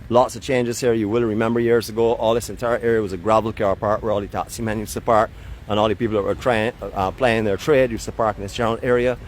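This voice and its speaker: A man's voice: on the low side, little pitch movement, quick pace, slight background noise. A middle-aged man from Barbados with a Barbadian accent, hosting a live walking tour, chatty and playfully teasing his viewers. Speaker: vlog host and walking guide. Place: outdoors by a seaside port in a town.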